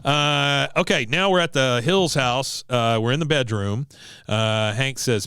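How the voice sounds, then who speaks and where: A man hosting a podcast, recapping an episode in a casual, animated way. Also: medium pitch, unhurried, clear, resonant tone, dry recording, clean studio sound. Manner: animated, laughing storyteller. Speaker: podcast host.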